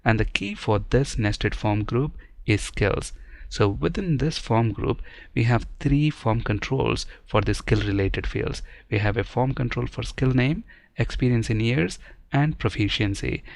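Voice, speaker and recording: A man's voice: medium pitch, measured pace, creaky, no room sound. A man explaining programming step by step in a screen-recorded coding tutorial, in a methodical teaching manner. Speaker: programming instructor.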